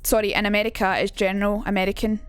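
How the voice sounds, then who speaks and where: A woman's voice: mid-range voice, flat delivery, racing, smooth, no echo, faint music behind. A young woman with a Glaswegian Scottish accent, streaming a casual lesson, chatty and sweary and reading out her chat. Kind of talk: casual live-stream teaching.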